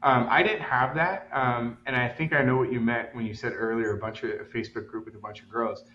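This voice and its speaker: A man's voice: medium pitch, steady tone, brisk, sharp tone, roomy sound, muffled recording, slight background noise. A man from Los Angeles, a podcast co-host, telling a long casual story full of fillers and acted-out quotes. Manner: rambling, many fillers, acts out quotes.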